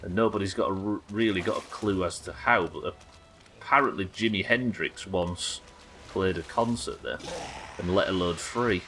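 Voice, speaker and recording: A man's voice: low-pitched, normal speed, fairly bright tone, slight background noise. A young English man chatting casually and rambling while streaming a game, swearing now and then. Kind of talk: casual live-stream chat while gaming.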